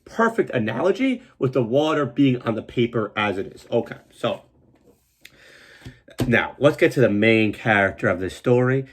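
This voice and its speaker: A man telling a comic story about an old job, swearing a lot and acting out what people said in a raised, excited voice. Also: moderate pace, husky. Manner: animated, swears a lot, acts out quotes in a higher voice. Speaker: comedian host telling a story. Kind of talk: profane comedic storytelling.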